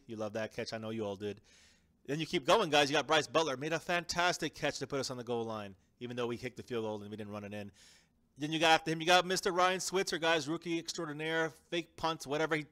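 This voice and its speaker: Fast-talking guy hosting a fan live stream, bright voice, pumped up and emphatic. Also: mid-range voice. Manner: energetic, emphatic, addresses viewers as guys. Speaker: fan show host. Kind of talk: casual live-stream sports chat.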